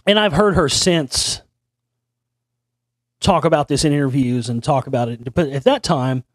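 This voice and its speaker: A man's voice: on the high side, normal speed, dry recording, clean studio sound. A male host telling a long story in a meandering, conspiratorial way, often restarting his sentences. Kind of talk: rambling storytelling monologue.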